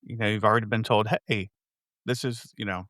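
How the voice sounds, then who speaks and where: Guy interviewer, lowish voice, stumbly and emotional, dry sound. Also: steady tone, a bit bright, no room sound. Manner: halting, emotional, full of restarts. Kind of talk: empathetic interview questions.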